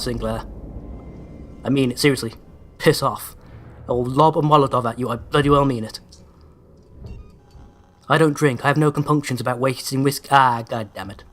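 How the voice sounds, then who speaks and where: A man's voice: mid-range voice, normal speed, long pauses, fairly bright tone. A man giving casual gameplay commentary in a sardonic, sweary way, over-pronouncing his words. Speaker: let's play host.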